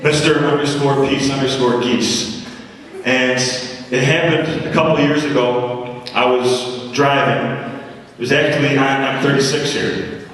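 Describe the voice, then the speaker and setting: An energetic man tells comic stories to a school assembly and acts out the voices in them. His voice rings through a large hall with a long echo. He sounds distant from the mic. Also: mid-range voice, a little slow. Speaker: motivational school speaker. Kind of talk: comic storytelling to students. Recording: echoey school hall from far off.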